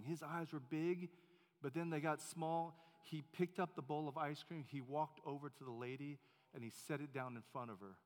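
A man preaching as a pastor, telling a story in a relaxed, chatty way with many fillers and restarts. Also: a little high. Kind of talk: sermon storytelling. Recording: long hall reverb.

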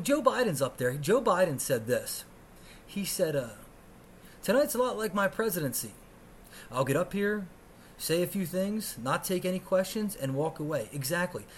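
Man in his thirties, podcast host, ranting and swearing, sarcastic, pitch swinging wildly, faint noise behind. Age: 30s. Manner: ranting, sarcastic and profane, swinging between mutters and outbursts. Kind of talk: solo podcast rant.

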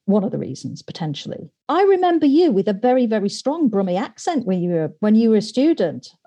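A woman with a Yorkshire accent who hosts a podcast and puts animated questions to her guest, often repeating words as she starts. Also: mid-range voice, brisk. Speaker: podcast host. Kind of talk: podcast interview.

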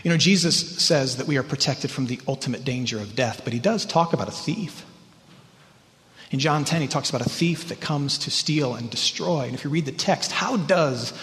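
A man preaching a sermon as pastor, earnest and emphatic, sometimes rising in pitch and sometimes dropping to a hush. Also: moderate pace. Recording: church hall reverb.

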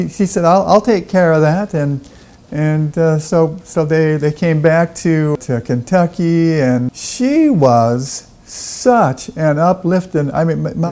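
A man playing a folksy Abraham Lincoln with a Southern backwoods drawl, talking haltingly with many fillers and restarts as a podcast guest. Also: on the high side, dark tone, roomy sound, rough recording. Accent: Southern American.

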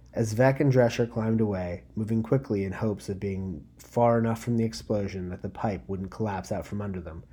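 A man hosting a podcast, reading a piece of fiction aloud in a steady, measured storybook narration. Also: lowish voice, husky.

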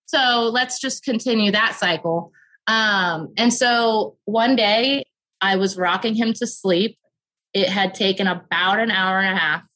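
Bright-voiced woman telling a raw personal story. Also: mid-range voice, rough recording. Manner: earnest and open, rushes through emotional parts. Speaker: podcast guest.

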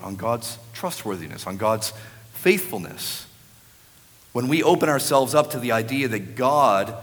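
A man's voice: mid-range voice, fairly bright tone, in a large hall. A man preaching a sermon to his church, emphatic, sometimes dropping to a hissing whisper for effect. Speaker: pastor. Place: church sanctuary.

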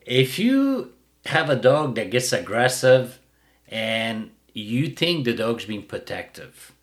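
Blunt, animated male dog-training host. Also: medium pitch, slow pace. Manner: blunt, mocking, bursts of laughter. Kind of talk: opinionated casual rant.

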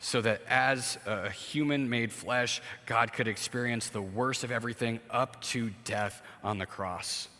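A male pastor delivers a conversational sermon, sketching everyday scenes to make his points. His voice is bright and forceful. It rings out with a long reverb from a church hall. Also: medium pitch, unhurried, hardly any pauses.

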